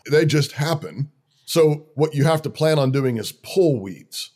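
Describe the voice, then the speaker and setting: In conversational interview talk, this man who leads a church walks through practical Christian living. He sounds earnest and rhythmic, frequently listing short commands, in a slightly high, slightly mellow voice with lively intonation and an unhurried pace.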